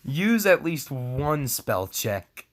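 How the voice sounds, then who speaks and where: Very slowly and in a sing-song, medium-pitched voice, a young fan fiction reader performs a story for comedy. He drops in sarcastic comments, laughs a lot and fumbles his words.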